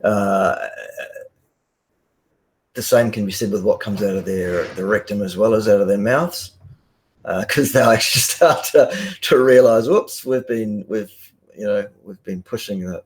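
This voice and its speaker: A man, a guest on a live stream, talking bluntly and forcefully with many ums and restarts, over a video call. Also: lowish voice, a little slow. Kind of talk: casual live-stream talk.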